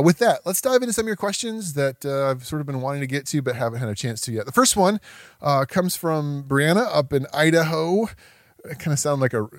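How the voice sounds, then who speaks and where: Laughing, animated male podcast host. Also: mid-range voice, no room sound, clean studio sound. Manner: animated, self-deprecating, laughs often. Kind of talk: casual podcast talk.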